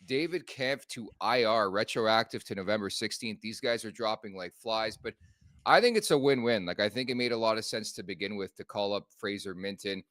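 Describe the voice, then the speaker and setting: A man's voice: fairly low pitch, animated, fairly quick, a bit bright, dry recording, clean studio sound. A Canadian man hosting a casual hockey podcast, running through team news and talking to the live chat. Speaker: podcast host.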